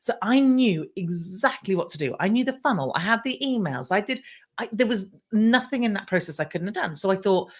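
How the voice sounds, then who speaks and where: A woman's voice: medium pitch, fairly quick. A middle-aged woman from the UK with a British accent, a podcast guest telling her own story casually and acting out past conversations. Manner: animated, acts out her own past dialogue.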